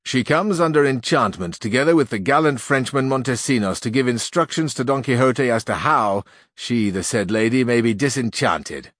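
A man's voice: medium pitch, lively intonation, moderate pace, hardly any pauses, a bit bright, no room sound, clean studio sound. A man voicing a brusque demon courier with a harsh, discordant, formal delivery.

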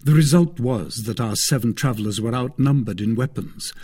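Husky male audiobook narrator. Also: mid-range voice, normal speed. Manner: steady, even reading of a classic novel. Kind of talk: scripted narration.

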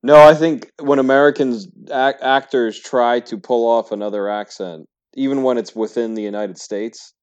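A man's voice: medium pitch, steady tone, normal speed, few pauses, a little mellow. A man co-hosting a podcast in casual chat, talking emphatically and giving strong opinions. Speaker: podcast co-host. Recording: dull lo-fi sound.

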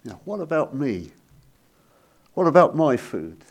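Lively, storytelling male preacher. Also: a little high, measured pace, creaky. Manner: storytelling, animated rises and sudden soft drops. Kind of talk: sermon.

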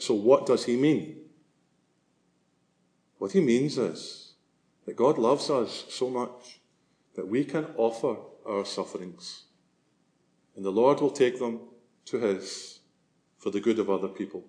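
A man's voice: mid-range voice, unhurried, long pauses, a little mellow. A man preaching a sermon as a priest, earnest and swelling to emphasis on key phrases.

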